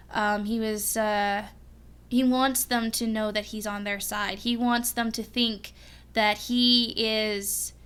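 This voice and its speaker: Excited bright-voiced young woman rambling. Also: fairly high pitch, clean tone. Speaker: fan reaction vlogger. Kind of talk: casual rambling reaction vlog.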